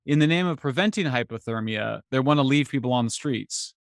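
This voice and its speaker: Man, gravelly voice, dry close mic, interview guest, animated, exasperated bursts. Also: mid-range voice, a little fast, no room sound. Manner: animated, voice jumps up when exasperated. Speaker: guest author. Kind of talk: casual interview conversation.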